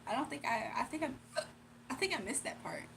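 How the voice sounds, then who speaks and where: A woman's voice: on the high side, animated, brisk, gravelly, background noise. A young woman chatting casually on a livestream, reading chat aloud, laughing often and teasing her viewers. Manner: playful, teasing.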